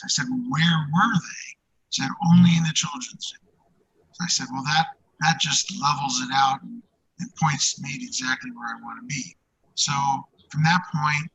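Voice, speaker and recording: Gravelly husky man with a distorted, robotic mic. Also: a little high, a bit bright. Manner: halting, drifting into whispers. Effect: distorted robotic mic sound. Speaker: guest treasure hunter. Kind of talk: casual storytelling on a live stream.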